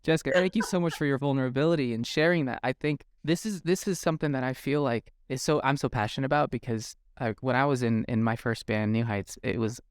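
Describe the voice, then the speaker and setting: A man hosts a conversational podcast interview, rambling and heartfelt as he circles back and restarts his thoughts. His voice sits at a middle pitch. The recording is dry and close. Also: fast talker, hardly any pauses, clean tone, no room sound. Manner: rambling, warm-hearted, many fillers and restarts. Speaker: podcast host.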